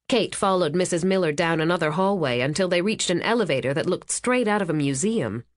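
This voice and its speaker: A woman narrating a thriller audiobook in an even, steady storytelling manner on a close studio mic. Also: fairly low pitch, brisk, hardly any pauses, no echo.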